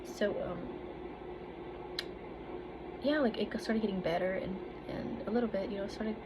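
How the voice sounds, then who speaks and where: A woman's voice: medium pitch, moderate pace. Young woman, casual confessional vlogger, blunt and profane, hiss of background noise behind her. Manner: candid, swears freely, quotes others in animated voices. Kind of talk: casual personal storytelling. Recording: noisy background.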